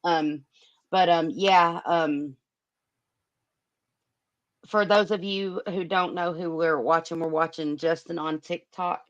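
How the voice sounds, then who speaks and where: A woman's voice: lowish voice, steady tone, slow pace, long pauses, highs cut off. A woman hosting a casual livestream chat, emotional and hesitant, filling her talk with many ums. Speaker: livestream host.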